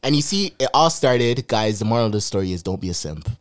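A man's voice: mid-range voice, lively intonation, quick pace. A man hosting a casual podcast chat, full of theatrical exclamations and jokes.

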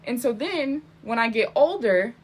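A woman's voice: on the high side, expressive, measured pace, a little mellow, breathy edge. Candid young woman sharing openly. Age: young adult. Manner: candid, rambling, with frequent fillers and laughs. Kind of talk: casual chat.

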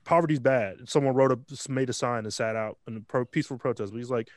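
A man's voice: mid-range voice, fairly even intonation, fast, no room sound, clean studio sound. A man co-hosting a podcast, arguing his point in earnest, casual debate. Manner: argumentative, earnest, talks over others. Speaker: podcast co-host.

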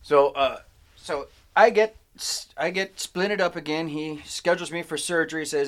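Speaking at a moderate pace in a slightly high voice, this podcast co-host spins a rambling anecdote in a relaxed chat with a friend. His telling is lively, full of self-interruptions and sentences he abandons and begins again.

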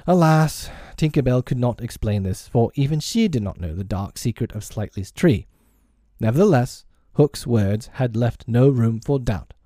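A man narrating a storybook aloud in a measured, expressive reading. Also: medium pitch, no room sound, studio quality. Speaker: audiobook reader.

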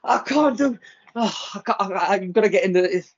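A man on a casual podcast, talking slowly and reluctantly in a self-deprecating way. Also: high-pitched, husky. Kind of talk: casual chat. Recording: slightly muffled recording.

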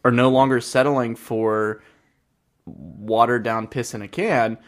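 A man's voice: medium pitch, fairly even intonation, takes it slowly. A man chatting casually as a podcast guest, hesitant and full of fillers. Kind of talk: casual chat.

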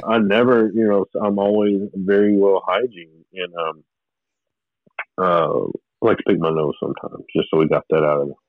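A man's voice: low-pitched, steady tone, moderate pace, no echo, phone-quality sound. A man telling a personal spiritual story in a rambling way, with restarts and short laughs. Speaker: guest telling his testimony.

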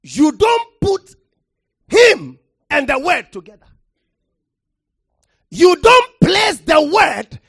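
Passionate preacher mid-sermon: high, swooping pitch, slow measured pace, calls for the crowd to answer back. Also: no echo, studio quality. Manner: impassioned, shouting for emphasis with sudden drops to quiet; calls for audience response.

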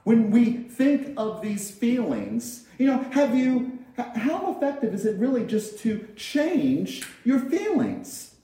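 A male minister delivers a sermon in a chatty, conversational way, often repeating phrases. His voice sits high and moves a lot, with a mellow, soft tone. The sound carries strong echo from a large hall. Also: very animated, slow. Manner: conversational, repeats phrases and acts out everyday quotes. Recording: very echoey hall.

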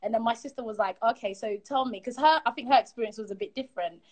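A young woman telling a personal story as a guest, animated and quick, acting out the voices of others. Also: a little high. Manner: animated, quick, acts out quotes.

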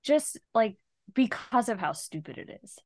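Slow, animated woman co-host. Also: fairly high pitch, no room sound, studio quality. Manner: expressive, laughs easily, emphatic exclamations. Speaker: podcast co-host. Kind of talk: casual movie review chat.

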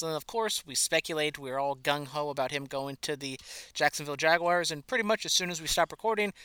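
Guy co-hosting a sports podcast, bright voice, dry close mic, chatty and teasing. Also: fairly high pitch, smooth, dry recording. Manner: conversational, teasing. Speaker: podcast co-host. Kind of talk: casual sports chat.

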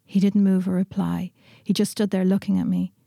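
A woman reading a literary short story aloud in a steady, measured way in a studio. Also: mid-range voice, vocal fry, no echo.

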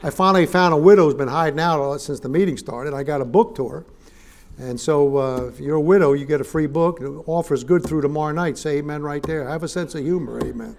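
A traveling preacher with a slightly high, creaky, darkish voice speaks a little fast as he begins a sermon to a live congregation at a church service. He jokes in a folksy way, asks for amens, and calls his listeners "neighbor."

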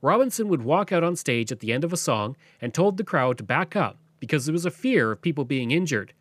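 A man hosting a podcast, narrating history from a script in a lively storytelling way. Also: fairly high pitch, brisk, no room sound. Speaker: podcast host.

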